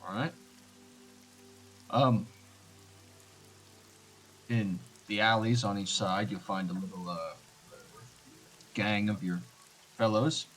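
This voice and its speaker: A man playing his character in a tabletop game, calm and measured. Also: fairly low pitch, faint music behind, rough recording. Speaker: player. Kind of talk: tabletop role-play.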